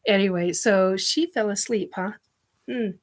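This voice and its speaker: A middle-aged woman hosts a casual live chat, reading viewer comments and rambling with plenty of ums and laughs. Her voice is mid-range and unhurried.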